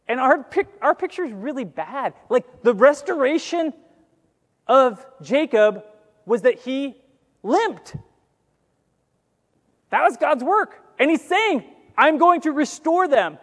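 A man preaches to his congregation in a loose, conversational way, slipping in jokes and acting out the lines he quotes. His voice sits very high for a man. The sound carries the long reverb of a church hall. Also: takes it slowly, pauses often. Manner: conversational, joking asides, animated quoting. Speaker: pastor. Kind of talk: sermon.

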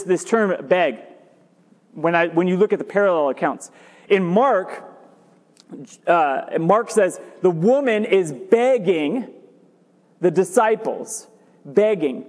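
High-voiced man preaching in a reverberant hall. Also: takes it slowly. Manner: animated, jokey preaching with emphatic repetition. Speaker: pastor. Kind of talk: sermon. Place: church sanctuary.

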